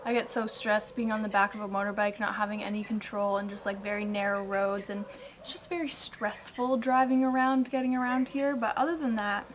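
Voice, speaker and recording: Indoors at a house in Bali, a young woman chats upbeat to the camera about her day, hot and sweaty and dropping "like" constantly. Her mid-range voice keeps a fairly even intonation at a brisk pace. The echoey room carries faint ambience and slight background noise.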